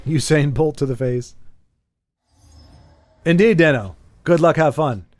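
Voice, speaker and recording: Man in a live-stream chat, a bit higher than usual, dry close sound, rambling and self-mocking, faint game music under him. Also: a little slow, dry recording. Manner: rambling, playful, self-deprecating, answers chat. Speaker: streamer playing a card game.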